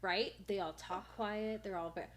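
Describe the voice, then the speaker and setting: A young woman who is a guest on a podcast, easygoing and loud by her own account, chatting casually. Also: mid-range voice, fairly even intonation, normal speed, a little hiss or hum. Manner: easygoing, says she is loud. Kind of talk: casual chat.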